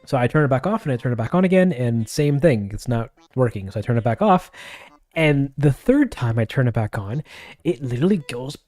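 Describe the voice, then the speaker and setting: A man's voice: mid-range voice, sing-song, fairly quick, a little mellow, no room sound. A man on his own livestream, telling a rambling story in a casual way, full of restarts and acted-out quotes.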